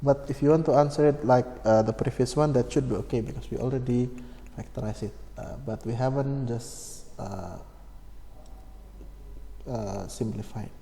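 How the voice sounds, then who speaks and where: A man explaining a maths problem step by step, slow and methodical, with many fillers and self-corrections. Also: mid-range voice, creaky, dark tone. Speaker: maths tutor. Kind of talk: screen-recorded maths lesson. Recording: echoey room with long reverb, faint hum.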